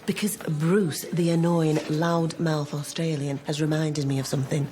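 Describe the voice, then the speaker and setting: An actress playing a dry, teasing wife in a sitcom. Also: female voice, deep voice, level tone, normal speed, warm tone, lightly acted. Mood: exasperated. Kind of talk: sitcom acting.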